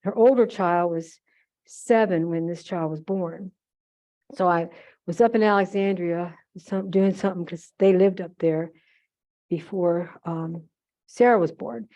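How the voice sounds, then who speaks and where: A woman's voice: fairly low pitch, unhurried, warm tone. An older woman telling fond, rambling stories to an audience, full of asides and self-corrections. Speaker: guest speaker at a museum holiday event. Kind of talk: chatty anecdotal talk to an audience.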